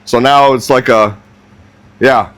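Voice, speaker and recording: A young man cooking in a barbecue restaurant kitchen tells a funny story while he works, casual, animated, and self-mocking. His mid-range voice is slow and smooth.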